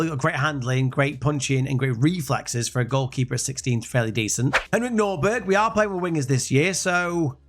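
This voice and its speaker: Young gaming commentator, high and animated, rambling and jokey. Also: male voice. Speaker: gaming YouTuber. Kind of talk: let's-play commentary.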